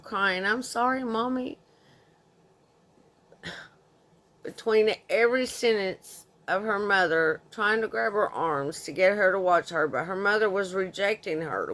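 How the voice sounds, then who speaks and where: A woman's voice: medium pitch, fairly bright tone. A woman in her thirties reading a forum story aloud in an indignant, conversational way. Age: 30s. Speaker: narrator.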